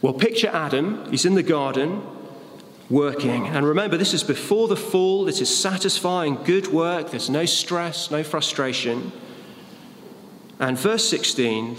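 A man's voice: a little high, animated, unhurried, a bit bright, a little hiss or hum. A man preaching a sermon, reading Bible verses and explaining them with fillers and a joke. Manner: expository, with fillers and a told joke. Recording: echoey hall with long reverb.

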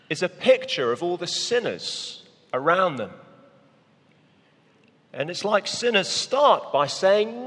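A man's voice: on the high side, a bit bright, breathy edge, in a large hall. A man preaching a children's talk, coaxing young volunteers through a parable they act out on stage. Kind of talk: sermon with volunteers acting a parable.

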